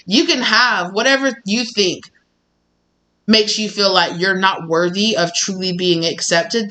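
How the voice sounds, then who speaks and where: Recorded in poor quality, a woman with a lowish voice reads tarot in a casual, animated way. She wanders through her points, leans on fillers, and now and then voices the words of the people involved.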